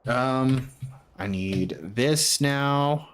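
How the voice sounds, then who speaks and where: A man's voice: mid-range voice, very slow. A young man streaming a game, muttering to himself and rambling with lots of fillers in casual commentary.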